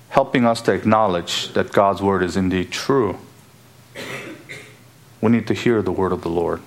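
A man delivers a sermon in a low-pitched voice. He speaks deliberately and emphatically, circling back to repeat phrases for weight. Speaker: preacher.

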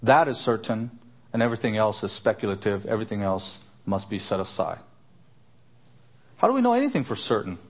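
A man's voice: big pitch swings, brisk. Earnest man preaching a sermon. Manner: earnest, rising pitch for emphasis, repeats questions. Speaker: pastor. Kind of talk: expository sermon.

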